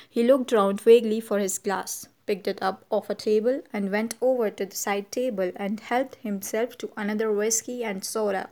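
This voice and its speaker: A woman narrating an audiobook in an even, measured storytelling voice. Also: medium pitch. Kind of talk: scripted narration.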